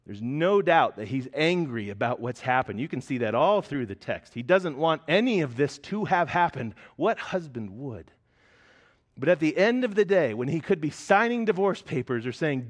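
A man's voice: a little high, animated, normal speed. Earnest man preaching a sermon. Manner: earnest, building to loud emphatic peaks then dropping soft. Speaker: pastor.

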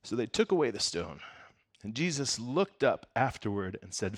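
A man preaching a casual sermon and reading scripture aloud. He talks conversationally, jokes and laughs often, and swings from soft, quiet passages to loud emphasis. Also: lowish voice, lively intonation, normal speed. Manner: conversational and joking, breaks into laughter. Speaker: pastor.

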